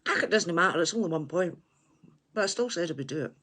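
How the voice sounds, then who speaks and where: A woman's voice: on the low side, lively intonation, fast talker, a bit bright, husky. An older woman with a Scottish accent chatting casually to livestream viewers, chatty and self-mocking with frequent laughs, and a runny nose. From Scotland. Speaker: livestream host.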